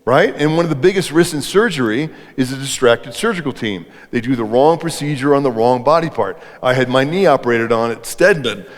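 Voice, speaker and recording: A man's voice: mid-range voice, animated, a little fast, hardly any pauses. Man giving a talk in a reverberant hall. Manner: conversational, asks the audience questions. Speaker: speaker on leadership. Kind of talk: interactive live talk to an audience. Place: event hall before an audience.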